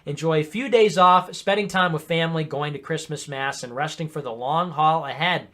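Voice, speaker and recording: Man reading chat on a podcast, wry and deadpan, bright forward tone, a bit high. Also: fairly quick. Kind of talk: reading viewer messages aloud.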